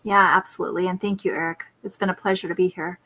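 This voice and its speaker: A woman's voice: lowish voice, little pitch movement, fast talker, bright, forceful tone. Woman coach telling a parenting story. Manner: reflective storytelling, acts out a child's pleading voice. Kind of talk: personal story on a talk show.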